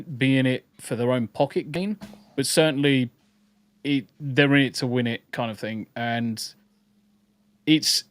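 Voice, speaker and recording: A man's voice: mid-range voice, no echo. A man co-hosting a live-stream podcast, blunt and sweary, rambling with restarts. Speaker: podcast co-host. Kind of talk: casual live-stream chat.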